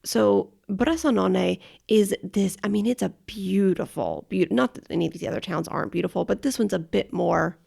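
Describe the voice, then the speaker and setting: A woman's voice: mid-range voice, moderate pace, vocal fry, hardly any pauses, mellow, breathy edge. A woman co-hosting a casual travel podcast, enthusiastic and informative, often correcting herself. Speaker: podcast co-host. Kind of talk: casual chat.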